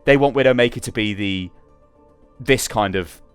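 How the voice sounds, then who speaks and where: A man's voice: medium pitch, normal speed, clean tone, dry recording, soft background music. A young man with a sarcastic, exasperated manner, ranting through gaming commentary and swearing freely.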